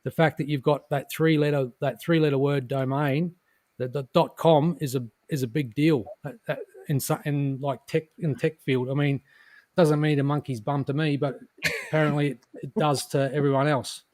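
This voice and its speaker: A man on an online call, rambling casually with lots of repeated words and trailing, quieter asides. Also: steady tone, normal speed, no room sound. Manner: rambling, repeats words, drops his voice low. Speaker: guest on a crypto stream. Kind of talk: casual chat.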